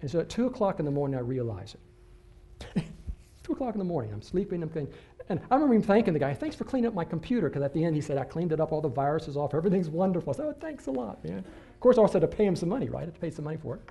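A male pastor preaching a sermon, telling a personal story in an animated way that swings between excited bursts and hushed moments. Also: a little high, rapid-fire.

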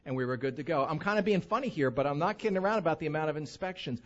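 Male preacher, lively pitch swings, slightly dull lo-fi church recording. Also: very fast. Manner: lively, animated preaching with mock-drawl asides. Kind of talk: sermon with humorous anecdote. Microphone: handheld or stage microphone.

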